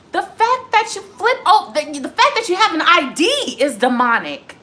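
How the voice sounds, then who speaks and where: A woman's voice: high-pitched, very animated, moderate pace, hardly any pauses, pushed and bright. A woman in her twenties, a tarot reader chatting live to her viewers in a casual, profane, heated rant. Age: 20s. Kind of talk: casual livestream chat.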